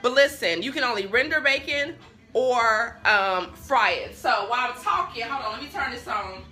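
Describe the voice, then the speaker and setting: Chatty bright-voiced woman cooking on a livestream. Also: a little high, lively intonation, normal speed, faint music behind. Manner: chatty, talks straight to viewers, sidetracked easily. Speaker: cooking show host. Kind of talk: live-stream cooking chat. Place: home kitchen with bacon sizzling in a pan. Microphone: phone on a stand.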